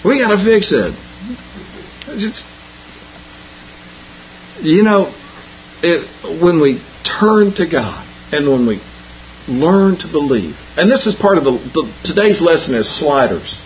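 A man's voice: on the high side, sing-song, slow pace, long pauses, slight background noise. A man preaching a folksy Bible lesson, repeating and restarting phrases and telling homespun jokes, on a dull lo-fi recording. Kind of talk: folksy sermon.

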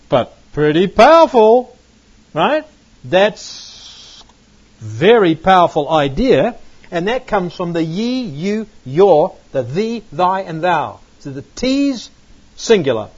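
Emphatic husky-voiced man teaching. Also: a little high, big pitch swings, takes it slowly. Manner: emphatic, repeats words for stress, asks "right?" and "okay?". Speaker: Bible teacher. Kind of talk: classroom-style lecture with slides. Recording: muffled lo-fi recording.

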